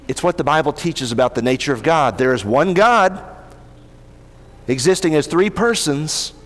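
Male pastor, slightly high voice, earnest sermon delivery with slow emphatic scripture reading, long hall reverb.

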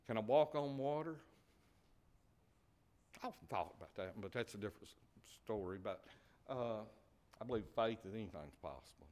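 A man preaching a sermon, swinging between loud emphasis and quiet, near-whispered asides. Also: fairly low pitch, animated, normal speed, pauses often.

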